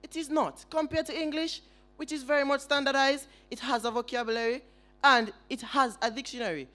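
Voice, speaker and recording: A man's voice: very high-pitched, steady tone, a little fast, bright, forceful tone. A young man with a Jamaican accent giving a formal debate speech as first opposition speaker, firing rhetorical questions at the audience and opponents.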